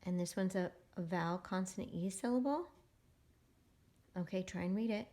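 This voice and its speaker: A woman teaching a phonics lesson to young readers. She is patient and encouraging, and she sounds out words slowly for the children to repeat. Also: on the low side, mellow. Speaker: reading teacher.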